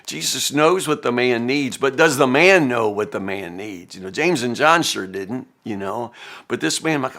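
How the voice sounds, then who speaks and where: A man's voice: mid-range voice, expressive, moderate pace, fairly bright tone. A man giving a casual Bible devotional talk in a folksy, conversational way, stumbling over repeated words and acting out quotes.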